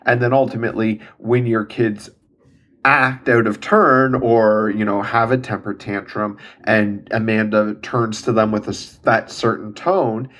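A man's voice: fairly low pitch, a bit bright. A man hosting a casual podcast who talks reflectively and analytically, using clinical terms. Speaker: podcast host.

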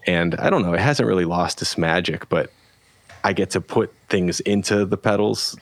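Deep-voiced man telling a gear story. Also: normal speed, no room sound. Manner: relaxed, rambling, acts out quoted lines. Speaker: guest, pedal company founder. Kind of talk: casual storytelling chat.

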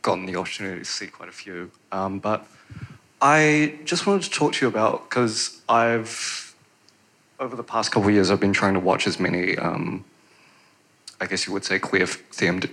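A man with a very deep voice but a sharp, bright tone asks a long, rambling question from the audience. He hesitates often, filling the gaps with pauses. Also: low-quality recording. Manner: hesitant, many fillers. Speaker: audience member asking a question.

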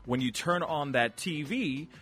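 A man hosting a radio show, chatting casually and addressing the listeners directly with slangy, animated talk. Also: fairly high pitch, measured pace, breathy edge. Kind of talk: casual chat.

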